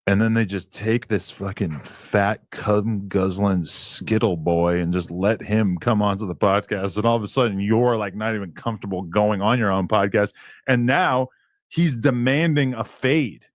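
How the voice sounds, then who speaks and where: Low-voiced man rambling on a podcast. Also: normal speed, no echo, clean studio sound. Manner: loose, rambling, full of "like". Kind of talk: casual podcast chat.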